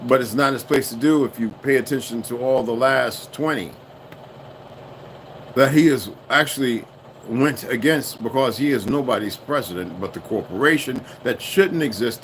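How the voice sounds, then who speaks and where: A man's voice: mid-range voice, normal speed, a little hiss or hum. Heated, profane man ranting on stream. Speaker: livestream host. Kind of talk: unscripted livestream rant.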